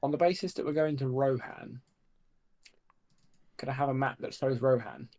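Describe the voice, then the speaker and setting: A man's voice: mid-range voice, normal speed, darkish tone. Chatty joking man at a game table. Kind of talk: casual banter at the game table.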